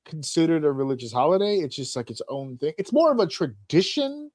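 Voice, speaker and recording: A man's voice: fairly high pitch, brisk, no echo. Podcast host, male, casual comic banter, acts out voices, dry close recording. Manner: animated storyteller, acts out voices, laughs often. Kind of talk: casual comedic chat.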